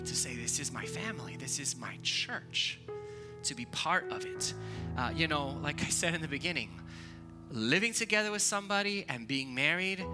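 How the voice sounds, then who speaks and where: A man, preaching a sermon in a conversational, animated storytelling way. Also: a little high. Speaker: pastor.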